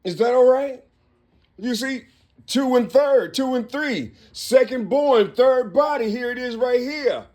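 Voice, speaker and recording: A man recording himself in a rambling monologue, working through numbers and letters aloud with halting restarts and asking "you see?" again and again. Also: very high-pitched, darkish tone. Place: Cincinnati, Ohio.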